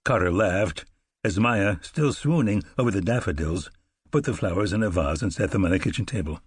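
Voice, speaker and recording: Husky low-voiced male audiobook narrator. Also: lively intonation, fairly quick, no room sound.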